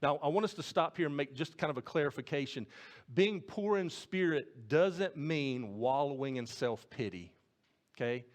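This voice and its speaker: A man's voice: a little high, expressive, normal speed. A man preaching a sermon as pastor, earnest, often repeating and restarting words and putting questions to the congregation.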